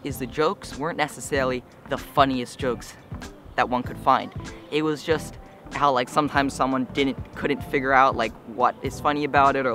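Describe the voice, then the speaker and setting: A young man vlogging to camera outdoors, slightly out of breath, chatting in a rambling, casual way with lots of fillers. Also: mid-range voice. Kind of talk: casual vlog talk to camera.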